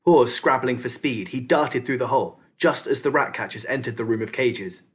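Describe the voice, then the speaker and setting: A man's voice: medium pitch, moderate pace. Man reading a children's story aloud. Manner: expressive storyteller.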